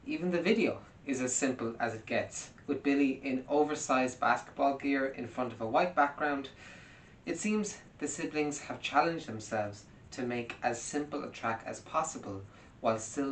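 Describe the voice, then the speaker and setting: A man giving a wry, analytical music commentary as scripted narration. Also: moderate pace. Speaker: music video essayist. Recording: roomy, distant mic with faint rumble.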